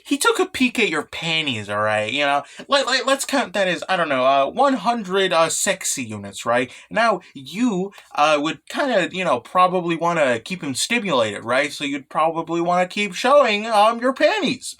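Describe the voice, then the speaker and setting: A man's voice: sits high, sing-song, sharp tone, heavily acted. Man doing a blunt scheming girlfriend. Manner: crude, rambling, fast. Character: blunt scheming young woman friend.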